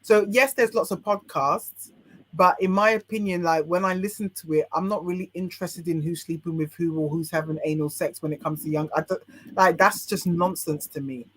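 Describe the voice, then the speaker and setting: A woman's voice: lowish voice, fairly even intonation, moderate pace, a little hiss or hum. A woman with a British accent talking casually as a podcast guest, frank and opinionated, with many restarts. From United Kingdom. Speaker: podcast guest, life coach.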